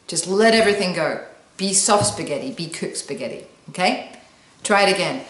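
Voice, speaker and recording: A woman talking to camera as a wellbeing coach, giving calm, soothing step-by-step instructions and guiding the listener through breathing. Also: lowish voice, moderate pace. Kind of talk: guided self-help talk to camera. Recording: echoey room.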